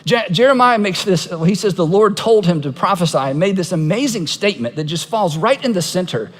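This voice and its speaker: A man's voice: high voice, animated, fairly quick, big-room sound. A man preaching a sermon as pastor, telling stories in a conversational way and acting out quoted voices with humor.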